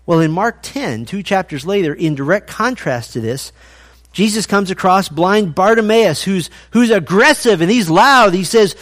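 A man preaching a sermon, animated in his storytelling and acting out the voices he quotes. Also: high-pitched, moderate pace. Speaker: pastor.

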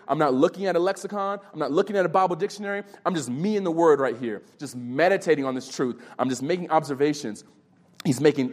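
Youth pastor guy preaching at a retreat, earnest, gets fervent, voice a bit high. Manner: earnest, personal storytelling, rising to fervent emphasis. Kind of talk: sermon. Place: retreat meeting room.

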